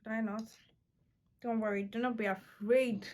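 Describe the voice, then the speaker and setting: A young woman talks a viewer through her makeup in a casual, chatty way. Her voice sits a little high, and she keeps bursting into playful, excited exclamations. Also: normal speed. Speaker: beauty vlogger.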